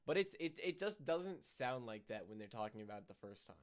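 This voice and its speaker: A man's voice: mid-range voice, big pitch swings, a little fast. A man giving casual, dry, sarcastic commentary on a movie, with some hesitation. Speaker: movie reviewer.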